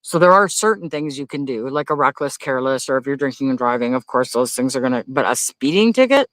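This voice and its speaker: A man hosting a casual livestream, reading viewer comments aloud. He talks in a blunt, profane rant and breaks into loud, high-pitched disbelief. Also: expressive, fast, no room sound. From Canada. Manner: loudly incredulous, rises to high exclaims. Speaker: livestream host.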